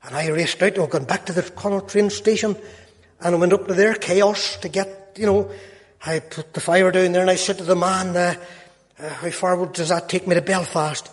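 A man's voice: sits high, fairly even intonation, normal speed. A man in his sixties telling a personal testimony with folksy, self-mocking humour. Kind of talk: storytelling testimony. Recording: long hall reverb.

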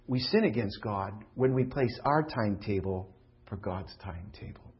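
A middle-aged man preaching a sermon as a pastor, moving from loud pleading questions to hushed, confiding tones. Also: medium pitch, big pitch swings, moderate pace. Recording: dull lo-fi recording.

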